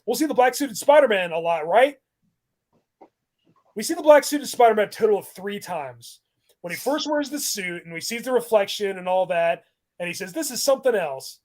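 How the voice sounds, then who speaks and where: A high-pitched man talks in a loose, rambling way on a casual podcast. He gets animated, breaks into laughter often, and piles up restarts as he rants about scenes he dislikes. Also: moderate pace. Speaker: podcast host.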